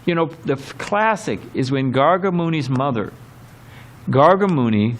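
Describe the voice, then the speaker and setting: Speaking at normal speed with an expressive, mid-range voice, a man leads a temple sermon lecture on scripture in a temple hall, with slight background noise. The delivery rambles in a conversational manner, with many fillers, asides and performed quotes.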